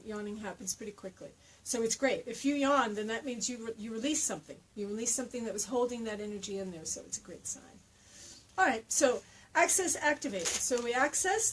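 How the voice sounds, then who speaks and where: Brief: woman, fairly high voice, energy healing teacher guiding a tapping exercise, faint hiss behind. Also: poor audio. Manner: slow repeated affirmations, then relaxed explaining.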